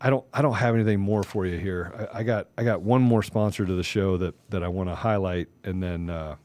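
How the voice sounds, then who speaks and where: A man's voice: deep voice, fairly quick, a little mellow. A man hosting a political talk show, delivering fervent, ranting commentary full of rhetorical questions.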